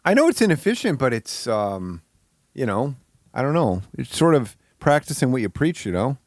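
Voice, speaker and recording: A man's voice: medium pitch, sing-song, normal speed, no echo, studio quality. A man from Michigan giving casual, wry, crude running commentary over a video he is watching. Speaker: streamer reacting to a video.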